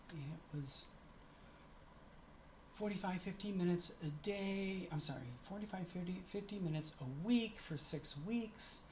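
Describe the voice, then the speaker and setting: Low-voiced, unhurried woman vlogging. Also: a little hiss or hum. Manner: chatty, often corrects herself mid-sentence. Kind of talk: casual talking-to-camera vlog.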